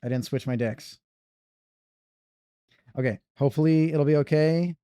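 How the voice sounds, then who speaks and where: Mellow-voiced man thinking aloud while gaming. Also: fairly high pitch, measured pace, smooth, no echo, clean studio sound. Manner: muttering to himself, thinking aloud. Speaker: speedrunner streamer. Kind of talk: casual gameplay commentary. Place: living room on couch.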